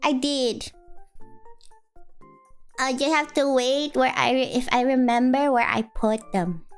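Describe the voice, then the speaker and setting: A woman streamer with a high voice, chatting in a slow, drowsy drawl. She rambles playfully to her viewers and slips into goofy sing-song noises. Soft music plays faintly behind her. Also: steady tone, smooth. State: sleepy. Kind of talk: casual live-stream chat.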